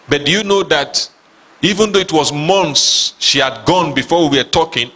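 A pastor delivers a sermon in a slightly high, sharp-toned male voice. He reads scripture aloud with dramatic emphasis and puts questions to his listeners.

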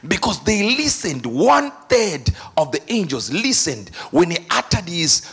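Preacher, male, high and very lively, bright tone, laughs and shouts through the sermon. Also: unhurried, breathy edge. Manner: animated, laughing, bursts into shouts. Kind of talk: energetic sermon.

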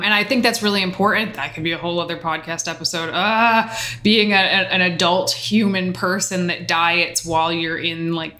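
A woman with a somewhat low voice chats on a podcast. She tells stories in a relaxed, rambling way and wanders off on side tangents. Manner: chatty, tangent-prone storyteller. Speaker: podcast co-host. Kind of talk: casual podcast chat.

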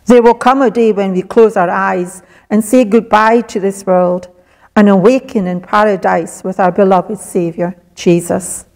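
A woman reading a devotional poem aloud at a church service, in a slow, measured recitation. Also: medium pitch, steady tone, darkish tone, low-quality recording. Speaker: service reader.

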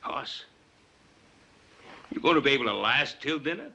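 A man's voice: mid-range voice, sing-song, moderate pace, bright, forceful tone, full character voice. A stern ranch father. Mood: gruff. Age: older. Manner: gruff, commanding. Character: stern, fond father of grown sons. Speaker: ranch patriarch. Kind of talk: 1950s TV western acting.

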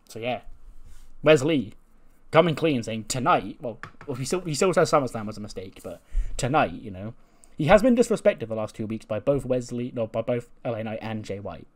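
A man's voice: medium pitch, animated, moderate pace. A man giving casual let's play commentary on a wrestling sim, chatty and laughing often. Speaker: gaming YouTuber.

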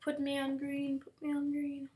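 High-voiced, excitable woman gamer. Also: moderate pace. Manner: excitable, frequent exclamations and whispered asides. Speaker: gameplay commentator. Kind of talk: casual gaming commentary.

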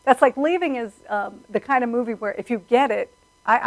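A woman talks about her work as a filmmaker in a casual interview. She is animated and tells stories, slipping into the voices of the people she quotes. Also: a little high, brisk, rough recording. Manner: animated storyteller, acts out quotes. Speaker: filmmaker guest.

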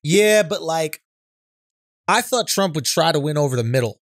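A male podcast co-host in casual comedic chat, animated and swearing, often tagging "right?" onto his points. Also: a little high, normal speed, no room sound, studio quality.

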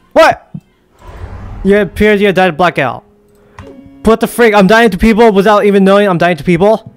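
A man giving excitable let's play commentary, yelping and exclaiming at scares. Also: high-pitched, clean tone. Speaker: gaming YouTuber.

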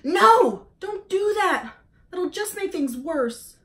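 A woman's voice: very high-pitched, lively intonation, slow, fairly bright tone, voice pushed up, heavily acted. A woman voicing an upset young male gosling who squawks his lines in a whiny, hurt way, reading a storybook aloud.

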